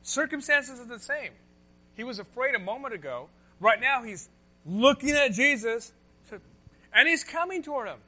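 A man preaching a sermon, moving between loud emphatic lines and soft hushed ones. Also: extremely high pitch, animated, moderate pace. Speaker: pastor.

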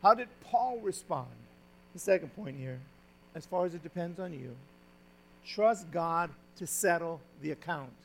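A male pastor preaching a sermon, moving between loud, emphatic exhortation and quiet, confiding stretches, often asking the congregation questions. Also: a little high, animated, a little slow, a little hiss or hum. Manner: says "friends" and asks the congregation questions.

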